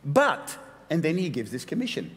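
High-voiced guy preaching, lively and joking around, big echoey church hall. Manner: animated, playful preaching with quick asides. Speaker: pastor. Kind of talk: sermon. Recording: long hall reverb.

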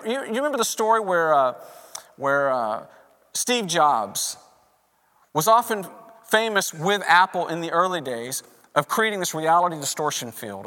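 A male pastor preaching an animated sermon, acting out the voices of the people he quotes. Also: sits high. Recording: reverberant hall.

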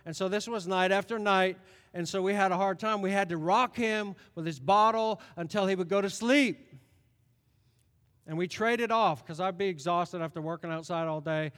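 Middle-aged male preacher, high voice, animated storyteller, long hall reverb. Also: moderate pace. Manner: animated storytelling, swings loud and soft. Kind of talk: sermon.

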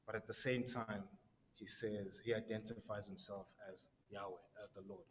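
Casual young preacher in a reverberant hall. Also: male voice, on the low side, little pitch movement, normal speed, fairly bright tone. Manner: conversational, frequent restarts, keeps checking in with listeners. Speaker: pastor teaching a Bible study. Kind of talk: casual sermon. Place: large hall in front of a live group. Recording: long hall reverb, faint background noise.

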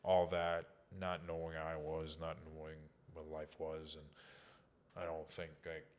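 A man's voice: a bass voice, completely flat delivery, measured pace. A man, a guest on an interview show, telling casual, profane, rambling stories with lots of fillers. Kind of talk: casual storytelling.

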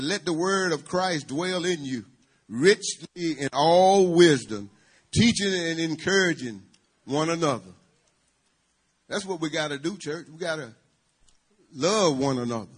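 Husky preacher man calling to his church. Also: on the high side. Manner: call-and-response, calling out to the congregation. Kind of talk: church sermon.

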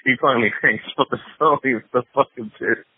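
A man's voice: medium pitch, quick pace, slightly rough, no room sound. A man telling a long, rambling story in casual podcast chat, swearing often and laughing as he goes. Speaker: podcast co-host. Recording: dry, phone-like narrow sound.

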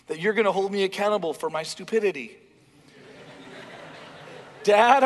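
A man voicing a sheepish child who pleads with his father in a drawn-out, mock-pleading way, heard with the long reverb of a large hall. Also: very high-pitched, a bit bright, exaggerated voice.

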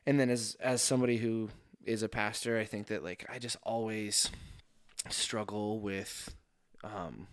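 A man's voice: lowish voice, fairly even intonation, unhurried, no echo, clean studio sound. A man who is a pastor, talking about his faith in an earnest, reflective, casual way. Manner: reflective, earnest, thinking aloud.

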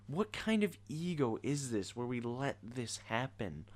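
A man's voice: mid-range voice, very animated, measured pace. A teenage boy ranting casually in an exasperated, sarcastic way. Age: teens. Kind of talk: casual rant to camera.

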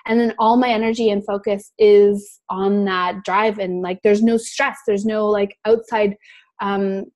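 Reflective, soft-spoken woman. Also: mid-range voice, steady tone, measured pace. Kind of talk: casual chat.

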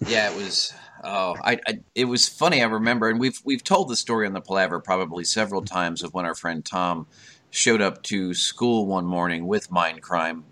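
A man's voice: deep voice, moderate pace, bright, forceful tone, a little hiss or hum. A man hosting a podcast, telling rambling stories with laughs in casual chat. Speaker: podcast host.

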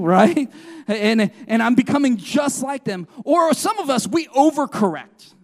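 A man's voice: very high voice, animated, a little slow. A male pastor preaching a sermon in an earnest way, often putting questions to the congregation.

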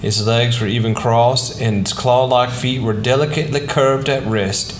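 A man reading a short story aloud in a soft, quiet, measured way. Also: mid-range voice, fairly even intonation, a little hiss or hum. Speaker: narrator.

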